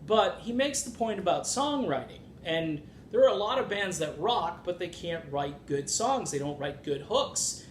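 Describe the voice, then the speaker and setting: Animated man with a fairly high voice. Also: a little slow, hardly any pauses. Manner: animated, opinionated, sarcastic asides. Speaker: music commentary channel host. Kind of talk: casual opinion commentary. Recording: echoey room with faint rumble.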